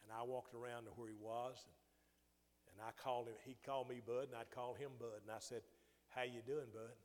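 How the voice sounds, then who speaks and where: A man's voice: mid-range voice, steady tone, brisk. An older man preaching a sermon, telling a personal story with restarts and rising emphasis. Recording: long hall reverb.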